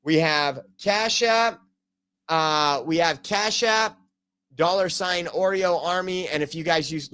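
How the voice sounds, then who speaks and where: A man's voice: fairly high pitch, fairly bright tone, clear, resonant tone. A man hosting a casual live stream from home, talking loosely with many fillers. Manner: rambling, many fillers, reads out jokes. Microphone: home streaming computer.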